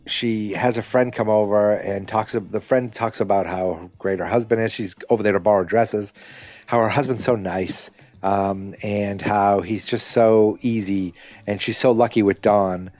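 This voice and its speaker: A man's voice: on the low side, fairly even intonation, darkish tone, no echo. Rambling man recapping a TV episode. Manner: rambling, many fillers and restarts; acts out characters' lines in quick asides. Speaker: podcast host.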